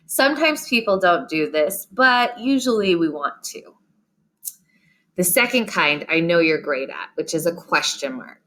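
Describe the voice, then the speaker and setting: A woman teaching young students in a recorded lesson, with a voice a little lower than most women's. She speaks patiently and encouragingly, and she gives her examples a lively, expressive reading.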